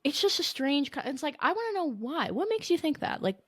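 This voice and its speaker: A young adult woman co-hosting a podcast in casual chat, animated and playfully sarcastic, laughing often. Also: high voice, a little fast, no room sound, clean studio sound. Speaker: podcast co-host.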